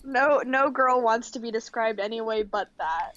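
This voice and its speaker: A woman's voice: fairly high pitch, moderate pace, a bit bright, dull audio. A woman in a live stream voice chat, teasing the others and laughing often. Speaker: voice chat guest.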